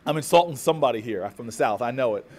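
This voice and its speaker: A man's voice: mid-range voice, animated, racing, darkish tone. A man from New Jersey giving an inspirational keynote speech, oratorical with rhythmic repetition and humorous asides. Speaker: keynote speaker.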